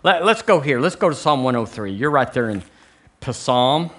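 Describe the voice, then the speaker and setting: A middle-aged pastor with a Southern American accent and medium-pitched voice preaches an animated sermon at a moderate pace in a church sanctuary. He rises to near-shouted emphasis on scripture and makes chatty, joking asides to the congregation.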